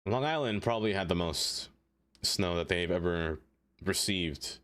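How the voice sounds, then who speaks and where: This streamer's voice sits low and sounds a bit bright, with lively intonation and an unhurried pace. He's casually chatting live as he plays a city-building game, rambling, addressing viewers by name and saying "like" a lot.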